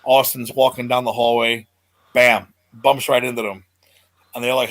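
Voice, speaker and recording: A man hosting a casual podcast chat, retelling scenes with lively energy, acting out the lines he quotes and laughing often. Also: mid-range voice, moderate pace. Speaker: podcast host.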